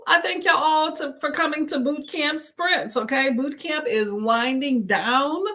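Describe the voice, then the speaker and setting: A woman hosts a casual reading livestream, chatting warmly with viewers and calling out their names as they join. Her voice sits a little high, and she walks everyone through slow stretches and deep breaths between reads. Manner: friendly, greets viewers by name, talks through stretches. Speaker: booktube host.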